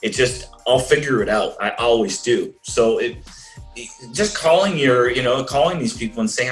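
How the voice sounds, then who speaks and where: A man's voice: mid-range voice, lively intonation, fairly quick, faint music behind, rough recording. A Canadian man, a financial planner, talking earnestly in a rambling way with many restarts during a video call interview.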